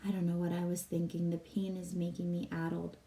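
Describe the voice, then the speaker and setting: Storybook dying old she-elephant, hoarse and gentle, voiced by a woman reader; mic a bit far off. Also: fairly low pitch, completely flat delivery, fairly quick, close to an everyday voice. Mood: firm. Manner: hoarse whisper.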